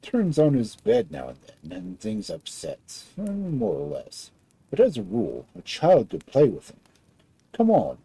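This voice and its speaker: A man voicing a big, boastful male giant who is civil but afraid of his wife, speaking slowly in a drawn-out, jovial way. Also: medium pitch, wildly swooping pitch, creaky, warm tone, slightly rough, no room sound, full character voice. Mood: hushing. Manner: slow, drawn-out, jovial speech.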